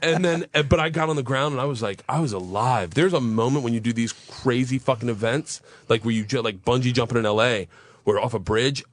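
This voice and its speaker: A man's voice: mid-range voice, fairly quick, no echo. A man in his thirties telling a wild story on a radio talk show, swearing freely and acting out the voices of the people in it. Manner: animated, swearing, acts out voices in his stories. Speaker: guest storyteller.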